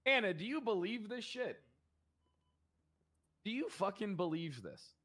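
A man's voice: high-pitched, lively intonation, unhurried, a bit bright. A young man in improvised game roleplay, playing a sheriff with brash, profane, mock-aggressive ranting.

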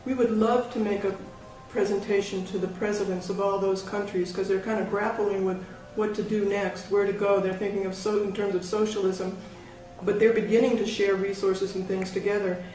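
A man's voice: high voice, little pitch movement, moderate pace, a little mellow. A man speaking casually in a hesitant, thoughtful way, often correcting himself mid-sentence. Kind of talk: casual conversation. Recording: very echoey room, distant mic, music behind.

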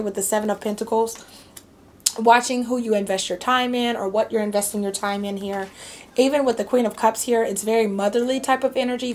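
A woman's voice: mid-range voice, darkish tone. A woman giving a casual tarot reading, chatty and reassuring, with many fillers and frequent okays. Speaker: tarot reader.

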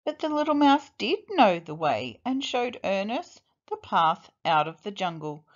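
Slow, lively storybook-reading woman. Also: mid-range voice, muffled recording. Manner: expressive, deliberate. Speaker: teacher reading aloud. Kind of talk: children's storybook read-aloud.

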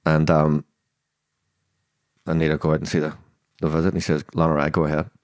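A bass-voiced man in his sixties from Belfast, Northern Ireland, speaks a little fast in a level, darkish tone, recorded at studio quality with no echo. As a podcast guest in a storytelling interview, he retells events bluntly, swearing freely and vividly acting out the quoted dialogue.

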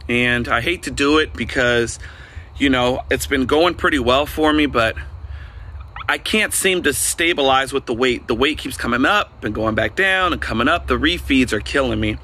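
A man's voice: medium pitch, normal speed, bright, forceful tone, a little hiss or hum. A man talking candidly to his vlog audience, frustrated and hard on himself, recorded outdoors on a porch. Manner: frustrated, candid, self-critical. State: out of breath. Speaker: vlogger. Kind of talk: casual vlog.

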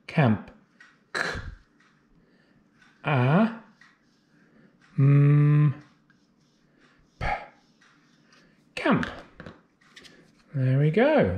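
A man teaching a phonics lesson to young children, drawing out letter sounds slowly and clearly. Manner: slow, drawn-out sounds with lively, sing-song pitch. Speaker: nursery teacher. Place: classroom or home, recorded for remote learning.

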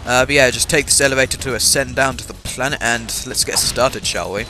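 Bright and forceful, his mid-range voice moving briskly, a young Englishman with an English accent chats while playing a game over its music. He's a let's-play gamer with a slight cough, chatty and self-mocking, peppering his speech with fillers.

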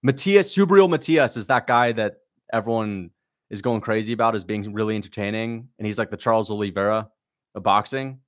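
A man's voice: fairly low pitch, brisk. A young man hosting a livestream, chatting casually, blunt and sarcastic as he reads out viewer questions and mocks what he sees. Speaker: livestream host reacting to a fight.

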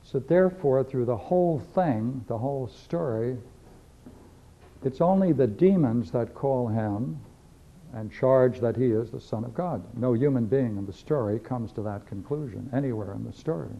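Gravelly-voiced man lecturing on scripture. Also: medium pitch, normal speed. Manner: emphatic, repeats key phrases. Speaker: philosophy teacher. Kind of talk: lecture reading and discussing scripture. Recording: dull lo-fi videotape recording.

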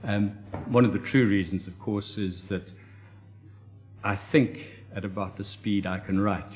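A South African man in his fifties speaks in a fairly low voice as a guest on a TV chat show. His answers are modest and dry, and he often pokes fun at himself. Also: steady tone, unhurried. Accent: South African English. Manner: dry, self-deprecating humour. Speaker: author guest.

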